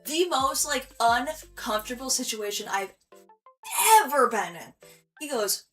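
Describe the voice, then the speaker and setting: A woman's voice: a little high, animated, a little slow, fairly bright tone, faint music behind. A young woman from Michigan chatting through a vlog, giggly and full of fillers as she tells a story. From Michigan, USA. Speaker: vlogger.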